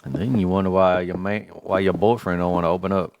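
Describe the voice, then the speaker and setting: A man's voice: low-pitched, level tone, brisk, dull audio, background noise. A man livestreaming a game, chatting casually in a slangy, joking rant. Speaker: gaming livestreamer. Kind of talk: casual chat while gaming.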